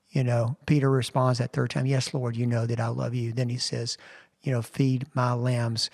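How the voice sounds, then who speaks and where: A man's voice: medium pitch, gravelly, long reverb tail. A man, a pastor, casually retelling a Bible story as a podcast recap of his sermon. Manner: conversational retelling of scripture stories.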